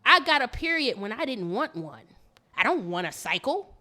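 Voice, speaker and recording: A woman co-hosting a podcast in casual chat, telling stories in an animated, emphatic way. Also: on the high side, moderate pace. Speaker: podcast co-host.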